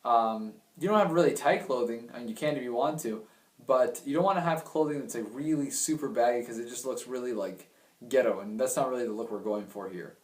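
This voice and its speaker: A man's voice: medium pitch, a little fast, darkish tone. A young man giving blunt, crude dating advice in a chatty way. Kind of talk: casual advice talk. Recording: roomy sound, mic at a distance.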